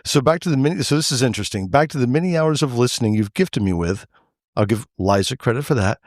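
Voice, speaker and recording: A man's voice: mid-range voice, animated, quick pace, no room sound, studio quality. A man hosting a motorcycle podcast, reading listener letters aloud with joking asides in casual chat.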